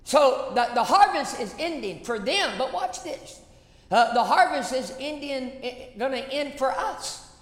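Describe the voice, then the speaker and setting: A woman's voice: high-pitched, lively intonation, unhurried. A woman pastor preaching a sermon, emphatic, repeating phrases and calling out questions to the congregation. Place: church sanctuary. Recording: echoey church hall reverb.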